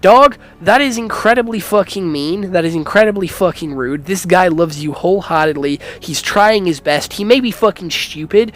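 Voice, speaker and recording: A man's voice: on the high side, a bit bright. A man casually reviewing a film in a blunt way, swearing a lot, stumbling over restarts and calling people "dog".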